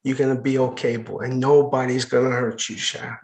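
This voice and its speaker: A man quoting his old Cajun grandmother, whispering soft words of comfort in her voice. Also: mid-range voice, flat delivery, normal speed, creaky, lightly acted. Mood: tender. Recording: echoey room.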